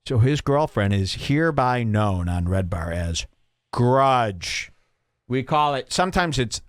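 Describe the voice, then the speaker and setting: A man on a podcast rants sarcastically, his pitch leaping around as he exaggerates. The sound is dry and close, with no room around him. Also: sing-song, takes it slowly, no room sound. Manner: sarcastic, exaggerated mock voices. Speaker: podcast host. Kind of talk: ranting comedic podcast talk.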